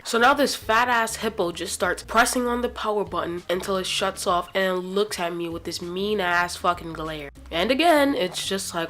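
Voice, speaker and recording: A woman's voice: mid-range voice, moderate pace, a bit bright. A woman vlogger telling a story in a profane, sarcastic rant.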